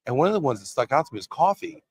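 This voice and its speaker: A man's voice: a little high, huge pitch swings, racing. A man hosting a live conference show, laid-back and joking, his voice a little worn from talking. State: losing his voice. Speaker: host. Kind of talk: casual live chat. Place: conference hall.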